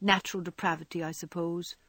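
A woman voicing a lazy, playfully evasive young gentleman in a storybook reading. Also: lowish voice, level tone, a little fast, no room sound. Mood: teasing. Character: young man, teasing idle gentleman.

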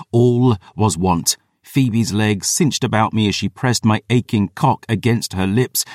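A man giving a dramatic audiobook narration, measured and intense, with slow emphatic beats. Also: on the low side, a little mellow, no room sound, clean studio sound.

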